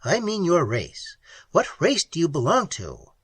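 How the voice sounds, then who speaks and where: An audiobook reader voicing a blunt, practical young man explorer who talks plainly and a bit gruffly. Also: on the high side, wildly swooping pitch, a little slow, fairly bright tone, no echo, studio quality, voice pushed up, heavily acted. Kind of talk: audiobook character voice.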